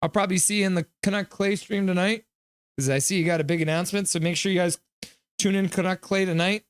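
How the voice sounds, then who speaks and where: A man's voice: high-pitched, fast talker, clear, resonant tone, dry recording. Upbeat man hosting a hockey stream. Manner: chatty, jokey, reads chat aloud and thanks donors. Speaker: host of a live hockey stream. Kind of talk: casual live-stream chat reading viewer comments.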